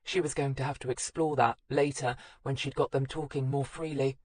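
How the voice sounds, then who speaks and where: A woman narrating a crime audiobook in a measured, even reading. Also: rumbling low, slight background noise. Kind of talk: scripted narration.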